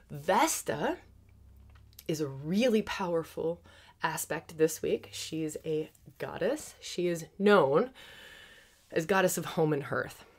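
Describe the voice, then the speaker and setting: Woman host, low pitch, quick excited delivery with laughs and hushed asides, astrology forecast. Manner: fast, excited, laughing, with sudden soft whispers.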